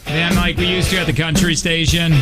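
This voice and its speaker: A man's voice: fairly high pitch, level tone, a little fast, over loud music. Laid-back male radio co-host, rambling. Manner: self-mocking, rambling and laughing. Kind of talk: casual studio banter. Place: radio studio.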